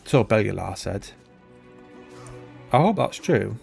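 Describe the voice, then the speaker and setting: A man's voice: on the low side, very animated, slow, gravelly, darkish tone. A British man in his thirties, a gaming channel host, chatting casually and rambling in a self-deprecating way while he plays. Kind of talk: casual gameplay commentary. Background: faint game music.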